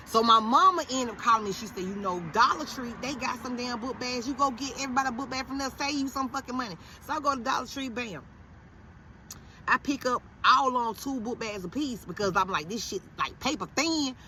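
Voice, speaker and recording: Woman in her thirties, profane casual storyteller, bright tense voice, faint hiss behind. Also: on the high side. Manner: animated, profane, quick to quote others.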